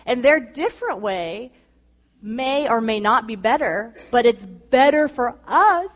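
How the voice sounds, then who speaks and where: High-voiced, chatty woman telling a story. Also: measured pace. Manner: chatty and animated, acts out quotes. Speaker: speaker at a women's gathering. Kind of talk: storytelling talk to women.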